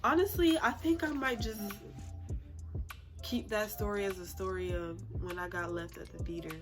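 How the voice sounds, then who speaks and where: A young woman recounts a personal story in a casual, chatty way, full of slang and expressive asides. Her voice sits in an ordinary middle range. Music plays clearly beneath her. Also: medium pitch, moderate pace. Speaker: vlogger. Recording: music playing under the voice.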